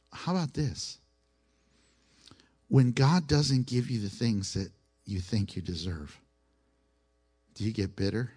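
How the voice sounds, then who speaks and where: A man's voice: on the low side, a little mellow, slightly rough. A man preaching a sermon in a conversational way. He asks the listeners questions and repeats his key phrases.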